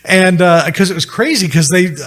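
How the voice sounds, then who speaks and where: A man's voice: high-pitched, moderate pace, fairly bright tone. A middle-aged man telling a personal story as a podcast guest, acting out the voices of the people he quotes.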